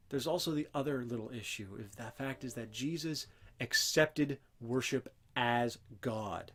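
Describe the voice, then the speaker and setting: A man's voice: mid-range voice, measured pace, fairly bright tone. A man hosting a Christian teaching show, talking earnestly and emphatically without a script and breaking into raised voices when he quotes scripture. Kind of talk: unscripted religious teaching talk.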